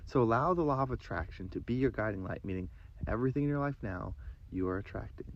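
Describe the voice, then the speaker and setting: A man hosting a self-help podcast, guiding listeners through breathing and affirmations in a slow, calm, deliberate way. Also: on the low side, lo-fi sound, a little hiss or hum. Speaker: podcast host and life coach. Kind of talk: guided breathing meditation and affirmations.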